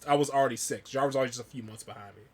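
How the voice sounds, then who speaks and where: A man's voice: mid-range voice, rapid-fire, breathy edge. A man from Alabama, a reaction channel host, chatting casually and rambling through a story with lots of fillers. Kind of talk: casual chat.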